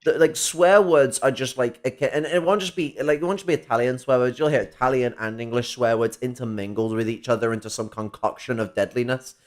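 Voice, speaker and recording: A man's voice: mid-range voice, brisk, few pauses. A man in heated, rambling casual chat, swearing freely as he talks.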